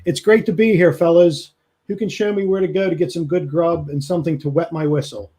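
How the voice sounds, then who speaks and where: A hearty, booming baseball star, put on by a man running a tabletop game. His voice is raised and a bit higher. He comes across big and jovial. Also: steady tone, a little fast, mellow, close to an everyday voice. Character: booming, hearty famous male baseball player.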